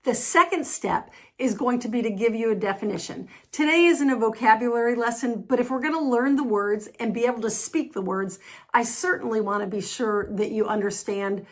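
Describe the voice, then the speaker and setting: A woman with a General American accent and a voice on the high side teaches an online English pronunciation lesson. She is patient and upbeat, demonstrating sounds slowly and repeating them.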